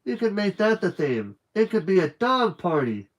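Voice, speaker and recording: Little girl played by a man, high, chirpy, bossy, excitable. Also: normal speed.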